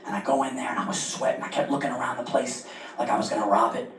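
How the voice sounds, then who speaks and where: A man's voice: mid-range voice, steady tone, fast, reverberant, far from the mic, noisy background. A man doing a stand-up comedy set, telling stories in a conversational way with self-mocking asides.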